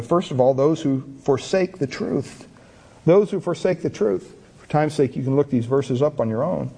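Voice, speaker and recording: This middle-aged pastor has a high-sitting, dark, husky voice. During his sermon he chats openly about his own failings, leaning heavily on casual fillers like "you know."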